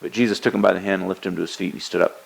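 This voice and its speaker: A man's voice: deep voice, steady tone, very fast, vocal fry, low-quality recording. A man preaching a sermon, teaching earnestly and quoting scripture with emphasis. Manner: frequent hesitations and restarts.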